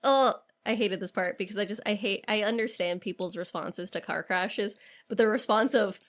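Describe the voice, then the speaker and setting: A woman co-hosts a podcast and recaps a slasher film in casual chat. She swears freely and slips into quick acted-out lines from the characters. Her voice sits at an ordinary middle pitch for a woman. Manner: retells scenes with acted-out quotes, swears freely. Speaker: podcast co-host.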